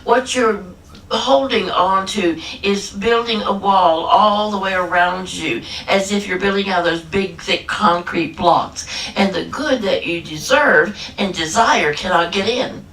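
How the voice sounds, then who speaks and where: Woman minister, humorous emphatic sermon, drawn-out phrases, roomy hall, mic far off. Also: mid-range voice, a bit bright. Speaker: guest minister. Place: church hall. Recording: echoey hall from a distance, faint ambience.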